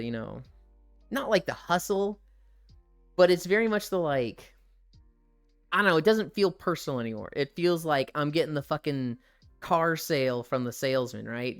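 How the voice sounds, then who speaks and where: A man's voice: a little high, smooth. A man chatting candidly on a live stream, swearing freely and laughing often. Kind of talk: casual live-stream chat.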